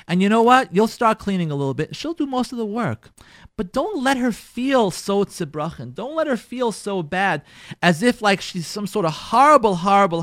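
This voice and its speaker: A man's voice: high voice, a bit bright, no echo, clean studio sound. A man giving a class as a rabbi, talking emphatically, repeating key phrases and mixing in Yiddish words. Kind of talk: lively lecture to a live class.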